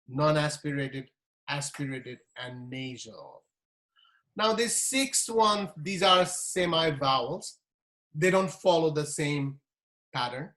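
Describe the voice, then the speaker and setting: A man teaching a class, sounding out syllables slowly and deliberately. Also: fairly high pitch, lively intonation, a bit bright. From Nepal. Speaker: language teacher. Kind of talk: classroom lesson.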